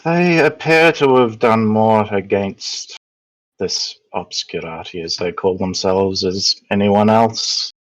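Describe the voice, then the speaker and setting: A man voicing a grim, vengeful elf, low-voiced and deliberate. He speaks slowly and picks words with care. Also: highs cut off. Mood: measured. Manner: slow, measured, hesitant. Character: vengeful male elf newcomer, reserved.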